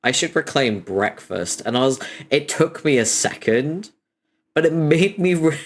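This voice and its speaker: A young man chatting casually on his stream, swearing freely and breaking into frequent laughter while telling stories. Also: a little slow. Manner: animated storytelling, laughter rising high in pitch.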